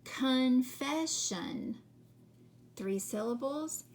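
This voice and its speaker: A woman teacher leading a children's phonics lesson, slowly sounding out words and counting syllables. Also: high voice, lively intonation, darkish tone, a little hiss or hum. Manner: slow, carefully sounding out words.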